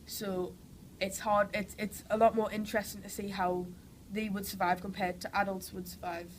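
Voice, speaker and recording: A woman's voice: mid-range voice, little pitch movement, normal speed, rough recording. Young woman, Geordie accent, has a cold, chatty and enthusiastic, faint background noise. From Newcastle, England. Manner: chatty and enthusiastic, many "like" and "you know" fillers. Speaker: actress interviewee. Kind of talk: casual interview answers.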